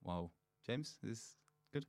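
A man's voice: fairly low pitch, animated, takes it slowly, vocal fry, a little mellow, no echo, studio quality. A man hosting a podcast in a playful, chatty way, often laughing. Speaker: podcast host. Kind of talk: casual chat.

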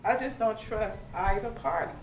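A woman's voice: medium pitch, normal speed, a little hiss or hum. A woman in the audience making a wry comment, picked up from a distance. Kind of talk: casual comment. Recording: roomy, distant from the mic.

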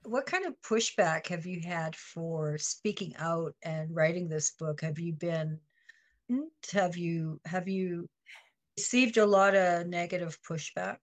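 A woman hosting an interview show, speaking slowly with a somewhat low voice. She asks her questions haltingly and restarts her phrases before finishing. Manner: halting, repeats herself when asking questions. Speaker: host.

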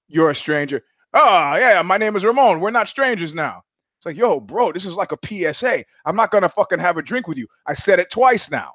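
A man's voice: on the high side, fairly bright tone, no echo, lo-fi sound. A man hosting his own live show, telling a long story in a rambling way, full of restarts and quoted asides. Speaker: show host. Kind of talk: casual livestream monologue.

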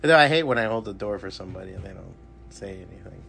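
A man joking around in a casual chat at a comic shop, chiming in with quick quips and laughs. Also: fairly low pitch, lively intonation, creaky, a bit bright, soft background music. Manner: jokey, quick interjections and laughs.

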